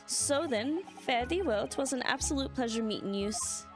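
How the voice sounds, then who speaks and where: Girl doing a fancy old-timey gentleman, kinda pompous, a bit high, quiet music behind. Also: expressive, moderate pace. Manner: stagey mock-old-fashioned speech.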